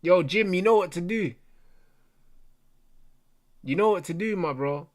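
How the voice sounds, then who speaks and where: A man's voice: sits high, a little slow. Heated young man, slang-heavy. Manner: heated, slang-heavy, swearing, addresses viewers and mates. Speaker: football watch-along host. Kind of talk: casual ranting chat.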